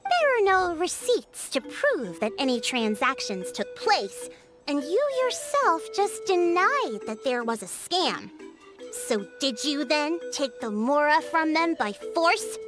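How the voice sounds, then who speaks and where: A woman voicing a stern young female investigator in a game, questioning and accusing in measured dialogue. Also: high voice, big pitch swings, heavily acted. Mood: probing. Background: game music.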